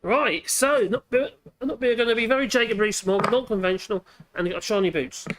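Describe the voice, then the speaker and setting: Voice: mid-range voice, fairly quick, fairly bright tone. A woodworking channel host, chatting casually while demonstrating at the workbench, thinking aloud and correcting themselves as they go.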